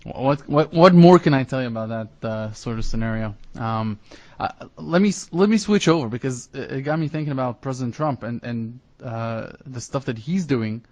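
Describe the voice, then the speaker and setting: A man at a medium pitch hosts an interview. He frames his questions slowly, with many fillers and restarts. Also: darkish tone. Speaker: interviewer, host.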